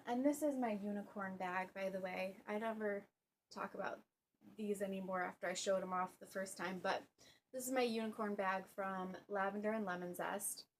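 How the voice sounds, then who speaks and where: A young woman hosting a casual knitting vlog at home, chatty and relaxed, full of ums and little laughs. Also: mid-range voice, slight background noise. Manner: chatty, with fillers and soft laughs. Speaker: knitting podcast host. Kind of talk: casual show-and-tell vlog.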